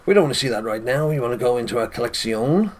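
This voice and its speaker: A man's voice: mid-range voice, lively intonation, fast, husky. A British man hosting casual gameplay commentary, chatty and addressing viewers directly, chuckling often. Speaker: gaming channel host.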